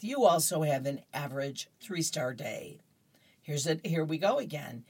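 A woman's voice: low voice, breathy edge. A middle-aged woman hosting, reading horoscopes and comic strips in a chatty, easygoing way. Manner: chatty, laughs easily. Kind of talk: casual radio-style chat.

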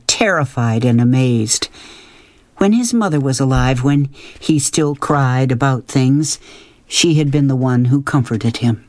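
A calm, measured narrator reading a children's novel aloud. The pace is slow and unhurried, with a middle pitch. The recording is dry and close, with no room sound. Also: no echo. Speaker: audiobook narrator. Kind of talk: scripted narration.

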